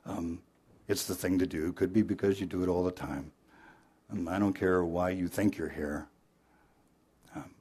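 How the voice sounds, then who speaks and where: A male pastor preaching an Easter sermon, telling a story dramatically and moving between loud emphasis and hushed, earnest appeals. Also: low voice.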